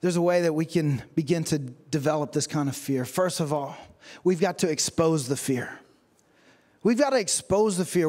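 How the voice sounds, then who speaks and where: A man's voice: high voice, lively intonation, moderate pace. A man preaching a sermon as a pastor, telling stories with humor and acting out the people in them. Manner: storytelling with humor and acted-out quotes.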